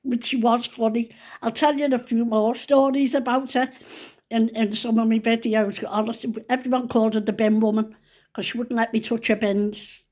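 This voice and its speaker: A woman's voice: fairly high pitch, steady tone, moderate pace, a little mellow. A woman in her seventies telling funny stories to camera in a chatty, rambling, down-to-earth way. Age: 70s. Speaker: vlogger. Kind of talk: casual storytelling to camera.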